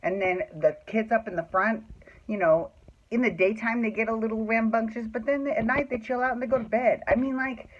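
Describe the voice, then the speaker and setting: Chatting casually indoors at home, the host of a soap opera recap podcast rants with exasperation and curses freely. She has a slightly high, steady voice, talks briskly, and the audio sounds dull.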